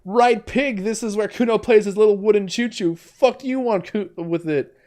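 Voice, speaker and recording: A man's voice: normal speed, close to an everyday voice. A man voicing a bratty, foul-mouthed boy who taunts a cop in a video game. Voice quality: shrill, taunting, shouty.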